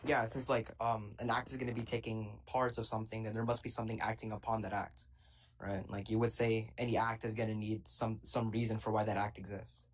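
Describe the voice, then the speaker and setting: A man's voice: on the low side, little pitch movement, brisk, poor audio. A young man calling into a live debate, talking casually and hesitantly with lots of fillers. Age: young adult. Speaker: caller.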